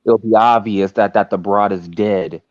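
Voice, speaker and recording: Man co-host, lowish voice, conspiratorial drawl, dry and muffled lo-fi sound. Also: fairly even intonation, moderate pace, no room sound. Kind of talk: casual chat.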